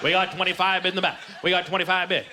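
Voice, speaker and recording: A man's voice: sits high, little pitch movement, very fast, voice pushed down, natural voice. A man playing a scatterbrained male auctioneer who chants bids and keeps drifting off topic. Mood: rambling. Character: scatterbrained adult male auctioneer, easily sidetracked. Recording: loud live crowd and noise.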